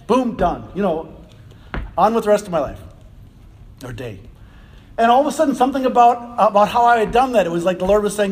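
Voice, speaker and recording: A man preaching a sermon, animated and conversational, often repeating words and laughing between phrases. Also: high-pitched, a little fast. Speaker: pastor.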